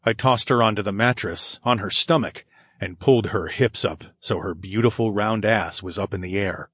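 A man narrating a romance audiobook in the first person, with a low, intimate delivery and soft sighs. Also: moderate pace, breathy edge, no echo.

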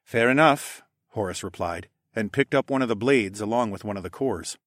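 A man narrating a fantasy audiobook in a first-person voice, putting on higher voices for the characters. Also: fairly quick, dry recording, clean studio sound. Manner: voices characters with raised pitch. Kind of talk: scripted narration.

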